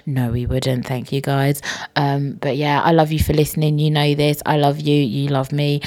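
A woman's voice: low voice, level tone, normal speed, darkish tone. A young woman hosting her own podcast, chatting casually with playful self-mocking asides and frequent swearing. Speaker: podcast host. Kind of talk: casual solo podcast chat.

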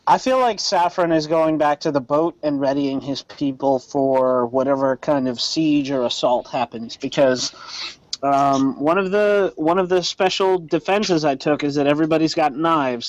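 Male player, casual and thoughtful, a bit high-pitched, dry sound. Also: moderate pace, no echo, muffled recording. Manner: thoughtful, explaining plans. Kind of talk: casual tabletop game chat.

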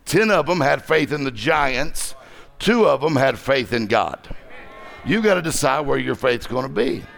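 Gravelly-voiced man preaching with punch. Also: medium pitch, animated, unhurried, a bit bright. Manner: punchy, joking, exhorting the crowd. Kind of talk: energetic conference sermon.

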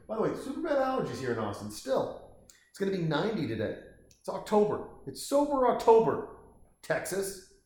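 A man's voice: medium pitch, a little mellow, reverberant. A man giving casual, rambling commentary while watching a movie at home, swearing now and then. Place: home, lying on a couch.

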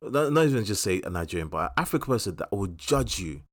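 Low-voiced man, wry podcast host. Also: big pitch swings, quick pace, no room sound, clean studio sound. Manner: opinionated, wry, steers the talk. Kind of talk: casual chat.

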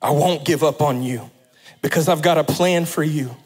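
Guy doing god as a loving dad, calm and soft, reassuring. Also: fairly high pitch, normal speed, husky. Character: steadfast loving God the father.

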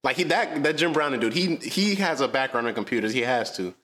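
Casting: man, mid pitch, quick slangy delivery, casual banter. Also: lively intonation, a bit bright. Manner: fast, slangy, profane. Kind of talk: casual chat.

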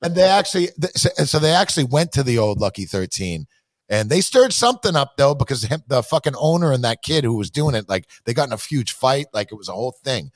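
Podcast host, man, lively swings, dry close sound, swears freely. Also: mid-range voice, quick pace, dry recording. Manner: profane, animated, mimics people in loud outbursts. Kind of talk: casual chat.

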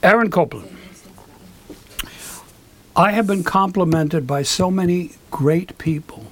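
An older man, a recording engineer appearing as an interview guest, tells stories slowly in a high-pitched voice. He rambles with asides and animatedly acts out the voices of the people he quotes.

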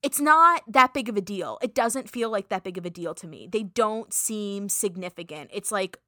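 A woman co-hosting a podcast, talking in a loose, chatty way full of "like" and shrugging dismissals. Her voice is bright and a little sharp, recorded close and dry with almost no room sound. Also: mid-range voice, lively intonation, normal speed, no echo. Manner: dismissive, chatty, heavy use of "like". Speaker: podcast co-host. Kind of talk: casual chat.

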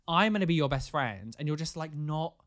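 A young man telling a personal story in casual chat, animated and acting out quotes with big jumps in pitch. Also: brisk.

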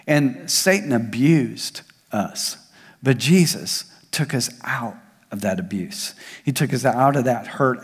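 Man preaching in a reverberant hall. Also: a little high. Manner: preacher's swings between raised emphasis and soft hushed asides. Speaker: pastor. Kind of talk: sermon. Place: large church hall.

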